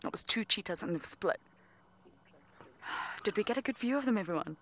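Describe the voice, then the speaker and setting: A woman working as a safari guide, giving animated live commentary from a vehicle outdoors as she spots and calls in wildlife. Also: mid-range voice, brisk. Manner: animated, spotting and calling in wildlife. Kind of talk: live game drive commentary.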